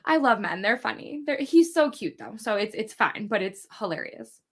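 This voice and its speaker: A woman chatting casually on a livestream, telling animated anecdotes and quoting people in playful voices. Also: mid-range voice, normal speed. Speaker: co-host guest. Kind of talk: casual chat.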